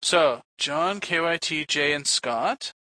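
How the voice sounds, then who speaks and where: A man co-hosting a casual podcast chat, excitable and running the segment. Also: fairly high pitch, takes it slowly.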